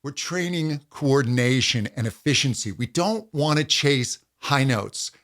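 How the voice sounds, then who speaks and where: A man as a vocal coach giving a singing lesson in a calm, deliberate, encouraging way. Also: mid-range voice.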